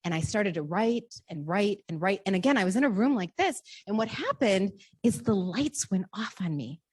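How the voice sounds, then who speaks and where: A woman author giving a library talk, telling her story with lively animation and questions to the audience. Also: mid-range voice, moderate pace, breathy edge. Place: library program room.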